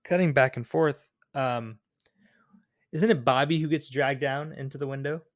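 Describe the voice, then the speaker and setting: A man co-hosting a podcast, chatting casually about a film in a relaxed, slightly halting way. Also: mid-range voice, no room sound, studio quality. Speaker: podcast co-host.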